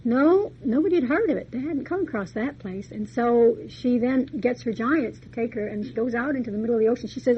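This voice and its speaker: A woman's voice: fairly high pitch, fairly quick, few pauses. A woman lecturer retelling a fairy tale in a chatty, folksy way with little asides. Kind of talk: storytelling lecture. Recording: dull muffled recording, faint hiss.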